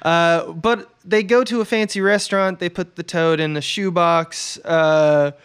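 Male podcast co-host, clear resonant voice, easygoing recap delivery. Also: on the high side, unhurried. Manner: relaxed recapping with frequent fillers. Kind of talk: casual film discussion.

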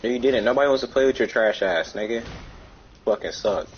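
A man's voice: medium pitch, fairly quick, muffled recording, slight background noise. A young man gaming with friends, taunting them nonstop with profane, repetitive insults over voice chat. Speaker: gamer streaming with friends. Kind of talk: trash-talking voice chat.

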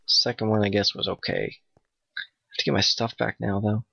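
A man giving nervous, excitable let's play commentary, talking to his in-game dog. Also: fairly low pitch, moderate pace, gravelly, breathy edge, dry recording. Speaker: gamer playing a Minecraft map. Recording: dull, dry home mic.

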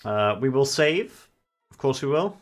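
A young male streamer with a medium-pitched, sing-song voice talks a little slowly while livestreaming a game. He's chatty, swears casually and sings along to music, which plays faintly in the background.

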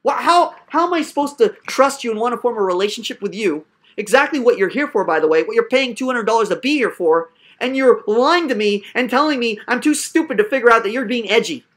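A woman's voice: on the high side, animated, a little fast. A woman hosting a heated online call, berating and sarcastic, with profane outbursts. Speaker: host of an online coaching class.

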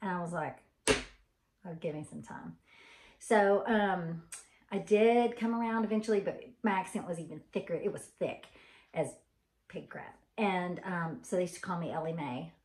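A woman's voice: lowish voice, moderate pace, darkish tone. A woman from Arkansas with a Southern accent, telling a rambling story in a casual, chatty way with lots of ums. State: tired. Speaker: vlogger. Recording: echoey room.

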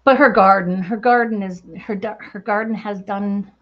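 A woman's voice: medium pitch, steady tone, moderate pace, dull audio. A woman hosting a crafting livestream, chatting casually with viewers in a bubbly, chatty way and laughing often. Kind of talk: casual chat with live viewers.

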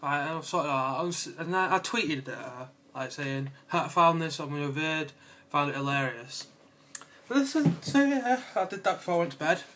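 A young man tells his viewers about his day in a rambling, excitable vlog. His voice sits a bit high and sounds bright and punchy. He giggles easily and fills pauses with ums and likes. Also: a little hiss or hum. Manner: excitable, giggly, lots of fillers and playful asides. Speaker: vlogger. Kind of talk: casual rambling vlog chat.

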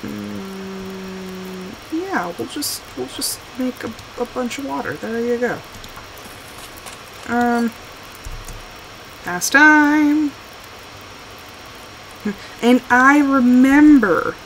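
A woman's voice: fairly high pitch, drawn-out words, vocal fry, long pauses, a little hiss or hum, low-quality recording. A woman streaming a survival game live, chatting casually and exclaiming, scolding her game character as she plays. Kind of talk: casual live gameplay commentary.

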